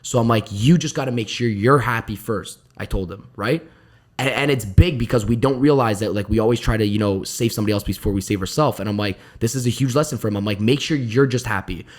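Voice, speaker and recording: A young man as a podcast guest in casual chat, telling stories quickly and acting out what people said to him. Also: fairly low pitch. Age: young adult. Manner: fast storytelling, acts out quoted dialogue, many "I'm like".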